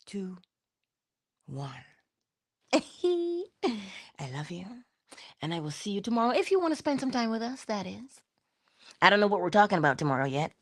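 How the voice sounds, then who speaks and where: A woman hosting a spiritual talk, animated and laughing often as she tells stories. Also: on the low side. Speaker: spiritual channel host. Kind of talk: casual spiritual talk to viewers.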